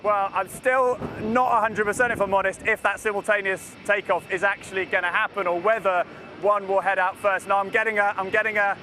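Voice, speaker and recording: A man reporting live from an airfield, talking enthusiastically and with excitement. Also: high voice, brisk. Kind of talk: live outdoor news report. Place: outdoors at a busy airfield. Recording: noisy outdoor live feed. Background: traffic noise.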